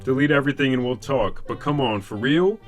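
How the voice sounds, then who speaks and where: A man's voice: medium pitch, a little fast, soft background music, natural voice. A man voicing an evasive young man who brushes off accusations and pleads to talk it over. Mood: dismissive. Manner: dismissive, pleading.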